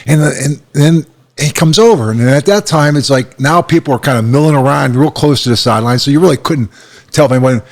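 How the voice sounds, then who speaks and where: A man in his sixties tells stories at a bar table, voice of middle height. He acts out every quote, jumping sharply higher whenever he replays what was said. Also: brisk. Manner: animated, acts out quotes with sharp rises in pitch. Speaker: guest, former football coach. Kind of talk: storytelling in casual chat.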